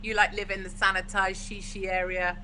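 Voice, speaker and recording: A woman's voice: mid-range voice, little pitch movement, a little fast, sharp tone, a little hiss or hum, low-quality recording. A forthright, opinionated English woman from the UK, chatting as a guest in a casual video-call conversation. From United Kingdom.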